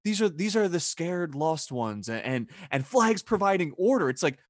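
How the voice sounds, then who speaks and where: A man's voice: on the high side, big pitch swings, moderate pace, no echo, clean studio sound. A man co-hosting a TV recap podcast, talking expressively, laughing and mock-quoting characters. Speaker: podcast co-host. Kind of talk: casual podcast chat.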